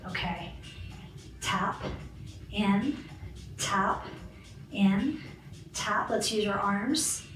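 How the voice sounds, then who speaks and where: A woman's voice: medium pitch, extremely slow, pauses often, fairly bright tone, faint music behind. A woman fitness instructor leading a guided balance and stretching class, cueing moves and counting reps in an encouraging way. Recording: roomy, far from the mic, faint background hiss.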